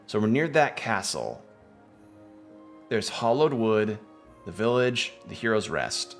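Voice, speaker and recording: A man's voice: lowish voice, gravelly. A man streaming a game, chatting casually and thinking aloud about where to go next. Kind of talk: casual gameplay commentary.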